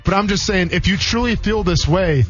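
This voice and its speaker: Faint music plays behind this high-pitched man in his thirties, a former football player who co-hosts a sports radio show. He talks fast and casually, spinning rambling stories loaded with fillers, captured by a studio mic in a dull, dry studio room.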